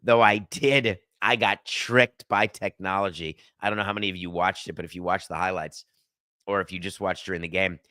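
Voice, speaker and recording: A man's voice: low voice, steady tone, a little fast, bright, forceful tone, no room sound, clean studio sound. A middle-aged man hosting a sports podcast, delivering an emphatic, sardonic opinion monologue and arguing with himself. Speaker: podcast host.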